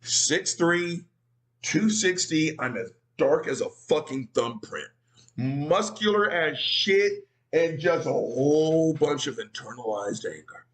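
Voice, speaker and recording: A man telling a profane, animated story, calling his audience "gang.". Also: on the high side, slow pace.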